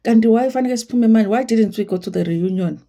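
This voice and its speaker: A woman's voice: a little high, fast, warm tone, pitched above the performer's own voice, lightly acted. A woman with a South African accent voicing personified tears that stubbornly refuse to fall, in a teasing sing-song.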